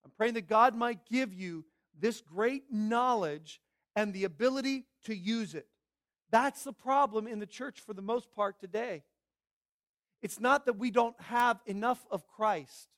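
A man's voice: sits high, a little slow, fairly bright tone. A man preaching a Sunday morning sermon as pastor, emphatic, repeating phrases and asking the congregation questions.

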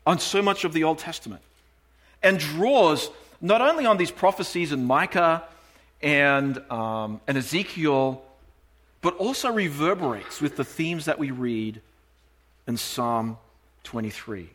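A man preaching a sermon, reading scripture aloud in a measured, emphatic way and slowing down on key phrases. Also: fairly high pitch, expressive, fairly bright tone.

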